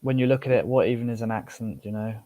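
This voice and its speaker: A man's voice: medium pitch, quick pace, mellow, no echo. A man with an English accent chatting loosely as a podcast guest, often tossing in "you know". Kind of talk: casual podcast chat.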